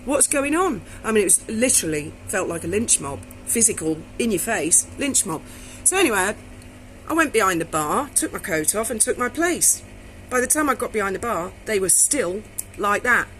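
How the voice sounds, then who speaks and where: A middle-aged woman tells a story to her camera in a blunt, salty way, with swearing mixed in. Her voice sits at an ordinary pitch for a woman. A faint hiss of noise runs under the recording. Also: expressive, normal speed, fairly bright tone, low-quality recording. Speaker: vlogger.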